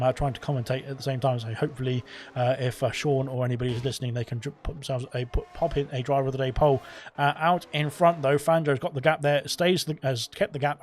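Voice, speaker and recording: A man's voice: medium pitch, a little hiss or hum. A man giving live commentary on an online racing league, rambling with many fillers and self-corrections. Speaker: esports race commentator.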